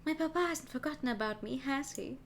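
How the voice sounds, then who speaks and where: A woman voicing a naive, prim young noblewoman bird in a video game, raising her voice higher and telling her story breathlessly. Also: brisk, slight background noise.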